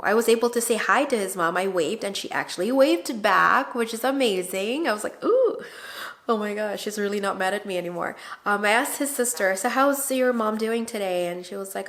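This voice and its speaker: A woman vlogger chats animatedly through a family story in a casual way, often acting out the dialogue she quotes. Her voice is medium-pitched.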